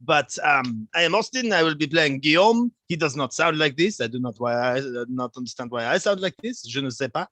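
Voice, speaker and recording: A man's voice: fairly high pitch, lively intonation, fairly quick, hardly any pauses, a bit bright, no room sound. A man putting on an exaggerated fake French accent as a joke intro. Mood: hammy. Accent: mock French. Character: hammy mock-French male dandy wizard.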